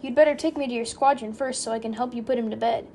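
A man's voice: very high-pitched, fairly even intonation, fast talker, dark tone, slight background noise. A woman voicing an anxious, fussy young male airman in an audiobook. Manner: anxious, pleading.

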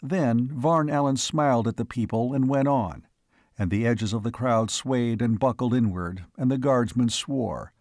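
A man's voice: mid-range voice, measured pace, darkish tone, dry recording. Male audiobook narrator, dry close sound. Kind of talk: scripted narration.

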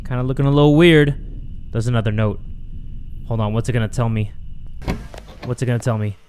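A young man commentating a horror game, joking crudely and shouting in panic when chased. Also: mid-range voice, a little fast, noisy background. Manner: loud, excitable, crude jokes, shouting in panic. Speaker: gaming YouTuber.

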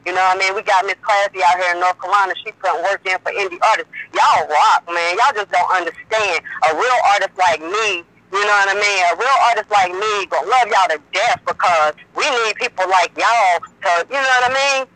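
A Southern woman, a mother and music artist, talking excitedly on a phone call and repeating "you know what I mean" as she goes. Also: mid-range voice, a little fast, hardly any pauses, no room sound. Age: adult mother. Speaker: guest artist. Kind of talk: phone interview.

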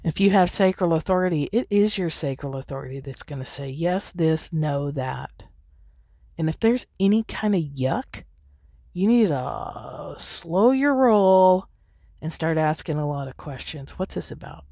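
A woman's voice: on the low side, lively intonation, normal speed, mellow, dry recording, studio quality. Frank, chatty woman podcaster. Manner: frank, chatty, laughs easily. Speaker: podcast host. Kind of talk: candid solo podcast monologue.

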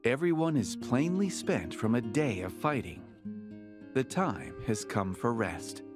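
A man's voice: mid-range voice, lively intonation, a little slow. A man narrating a card game in a storybook, second-person style. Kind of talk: scripted narration. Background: game music.

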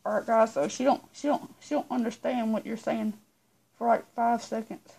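A woman talking straight to her viewers in a loose, rambling vlog style, often repeating her words. Her voice sits a little high but is dark and mellow in tone. There is a gravelly fry running through it. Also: little pitch movement, normal speed. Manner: chatty, rambling, repeats herself. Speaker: vlogger. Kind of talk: casual vlog chat to viewers.

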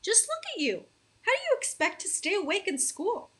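A woman's voice: very high-pitched, very animated, moderate pace, fairly bright tone, voice pushed up, exaggerated voice. A woman voicing a firm, scolding mother in a children's story. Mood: stern. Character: stern caring mother of a young boy.

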